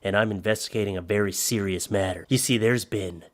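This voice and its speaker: A man voicing a pompous police detective with dramatic pauses in a comedy skit. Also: lowish voice, natural voice. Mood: ominous.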